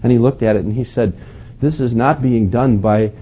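A man's voice: mid-range voice, moderate pace, mellow, a little hiss or hum. A male pastor preaching a sermon in a storytelling way, acting out the quotes and chuckling often.

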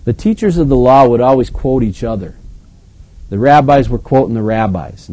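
A man acting as pastor, reading scripture aloud and then commenting on it in a relaxed, conversational way. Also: mid-range voice, rough recording. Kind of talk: Bible reading with sermon commentary.

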